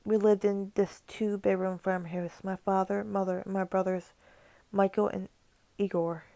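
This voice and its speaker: A woman's voice: medium pitch, flat delivery, measured pace, gravelly, mellow, no echo. A woman reading a horror story aloud as a channel narrator, stumbling over words now and then and dropping casual asides between passages. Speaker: creepypasta narrator.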